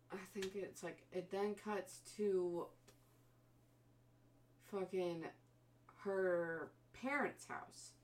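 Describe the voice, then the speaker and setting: Recorded from a distance, a woman with a fairly low pitch walks through a horror movie's story in a casual, profane way, animatedly imitating the characters' voices.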